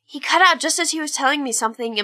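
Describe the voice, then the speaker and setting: In an amateur audio drama, a woman plays a spirited young female crime-fighter, speaking animatedly and exclaiming often. Her voice is high and her pace quick.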